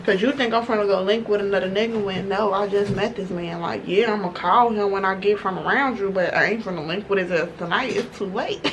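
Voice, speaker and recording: A woman vlogger tells a storytime while she does her makeup, full of slang and swearing. Her delivery is loose, animated and unfiltered. The recording is noisy, with a steady hiss behind her. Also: medium pitch, a little fast, few pauses. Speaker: beauty vlogger.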